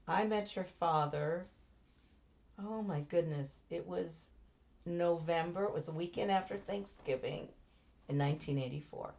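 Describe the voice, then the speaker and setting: Low-voiced older woman reminiscing. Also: unhurried, creaky, long pauses, darkish tone. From United States. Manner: rambling, meandering recollection with restarts. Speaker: interviewee, mother. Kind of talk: reminiscing in a family oral-history interview.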